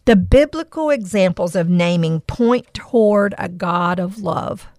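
A woman's voice: mid-range voice, expressive, measured pace, darkish tone, no echo, clean studio sound. A middle-aged woman hosting a podcast, telling a personal story with earnest emotion and reflecting on Bible verses. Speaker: podcast host.

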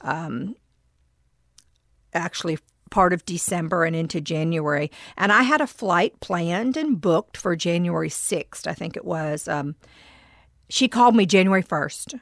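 A middle-aged woman telling a personal story, reflective and halting, with frequent pauses and restarts. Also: on the low side, a bit bright, no echo, studio quality. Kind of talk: personal testimony.

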